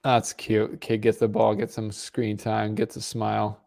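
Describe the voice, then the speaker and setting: Gravelly, low-voiced male stream host. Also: completely flat delivery, unhurried, a little mellow. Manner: casual, rambling, talks to chat. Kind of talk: live match commentary and chat.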